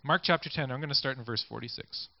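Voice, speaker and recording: A man's voice: medium pitch, fast talker, vocal fry, dry recording. A male preacher giving a sermon in a conversational way, reading scripture and inviting listeners to picture the scenes. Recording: dull lo-fi recording.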